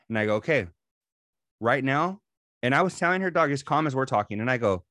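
A man's voice: medium pitch, fast talker, fairly bright tone, no echo, clean studio sound. A man in his thirties co-hosting a podcast, telling a story about his daughter in a casual, profanity-laden way. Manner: profane, storytelling, calls partner "dog". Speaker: podcast co-host. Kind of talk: casual chat.

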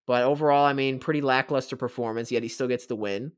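A man's voice: mid-range voice, steady tone, quick pace, clean tone. A man hosting a casual podcast, telling stories in a playful, hyped way. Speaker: podcast host.

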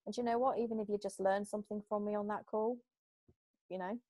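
A woman from Britain, a hypnotherapist guest in an interview, talking in a chatty, lively way and acting out little exchanges. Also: mid-range voice, quick pace, no room sound. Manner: chatty, animated, acts out little quoted exchanges. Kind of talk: casual interview talk.

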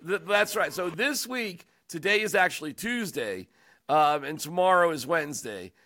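A man hosting a sports talk show, chatting casually and joking around in an animated, rambling way. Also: a little high, moderate pace, no echo, clean studio sound. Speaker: sports radio host.

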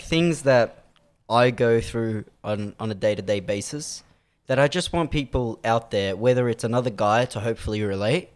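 Animated young man, lively pitch. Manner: animated storyteller, playful, laughs often. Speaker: podcast co-host. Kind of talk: casual chat.

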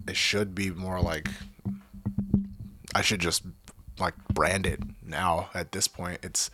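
A man's voice: low voice, fairly bright tone, breathy edge, no room sound. A young man hosting a podcast, giving a casual, profane, rambling motivational talk full of restarts. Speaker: podcast host.

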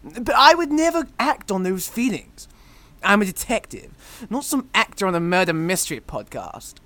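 A woman's voice: medium pitch, sing-song, moderate pace, a bit bright, no room sound. A woman voicing a pompous, blunt, bumbling male detective in a comedy audio drama. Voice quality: pompous, blunt, self-important.

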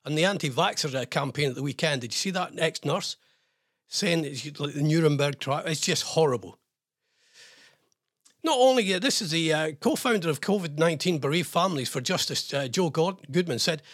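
A British man hosts a radio show from a studio, commenting on the news with mocking sarcasm. His voice is husky and sits a little high, and it swings up and down widely as he talks. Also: lively intonation, brisk, fairly bright tone. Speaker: radio presenter.

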